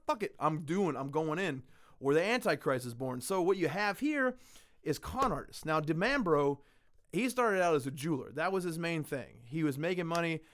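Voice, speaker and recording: Profane ranting male podcast host. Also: fairly high pitch. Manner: profane, ranting, animated storytelling. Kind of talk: casual chat.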